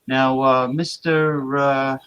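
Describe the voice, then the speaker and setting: A man's voice: mid-range voice, flat delivery, slow pace, fairly bright tone, smooth, low-quality recording. A man hosting a livestream, chatting casually and reading viewer comments aloud, crude and rambling, often stammering and repeating words. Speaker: livestream host.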